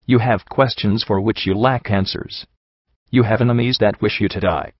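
A man voicing a calm, sorrowful male pony priest in an audiobook reading, speaking in a measured, gently reasoning way. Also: on the low side, dry recording, lightly acted. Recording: dull lo-fi dry recording.

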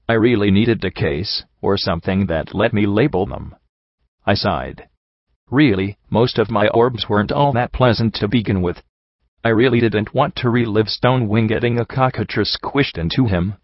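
A man narrating a first-person story in a low, steady voice. The recording is dry with no room sound and a slightly dull top end, like a home audiobook setup. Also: normal speed, no room sound. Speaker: audiobook reader.

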